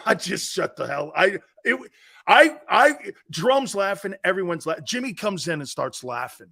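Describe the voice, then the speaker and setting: Excitable man telling stories with a lively voice. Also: high-pitched, moderate pace, creaky, slightly rough. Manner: excitable, laughing, rambling. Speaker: sports talk show host. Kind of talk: animated storytelling.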